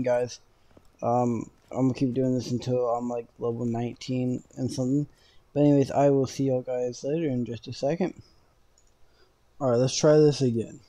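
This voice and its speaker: Young guy gaming, mellow voice, jokey, talks to chat, gets loud when hyped. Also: medium pitch, moderate pace. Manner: joking, talks to viewers, bursts of loud excitement. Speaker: gaming streamer. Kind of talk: casual gameplay commentary.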